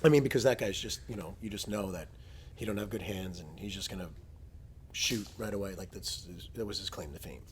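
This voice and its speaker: A low-voiced man chatting casually about fights and telling swear-filled stories. He slips into loud, mocking impressions of the people in them. A faint hiss of noise sits under the recording. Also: a little fast. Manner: profane, storytelling, imitates people loudly. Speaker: jiu-jitsu coach and podcast host. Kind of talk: casual chat.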